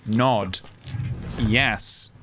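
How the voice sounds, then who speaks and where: A man streaming a game live, talking in a wry, deliberate way and choosing his words carefully. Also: lowish voice, noisy background.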